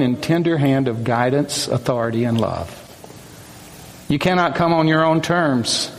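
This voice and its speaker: A man preaching a sermon to a group of men, speaking in a slow, solemn way with measured pauses. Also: medium pitch. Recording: long hall reverb, faint room ambience.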